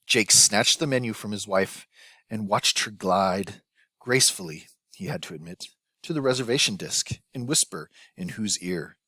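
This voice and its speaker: A man reading a novel aloud as an audiobook narrator, in a measured, even scripted narration. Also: lowish voice, no room sound.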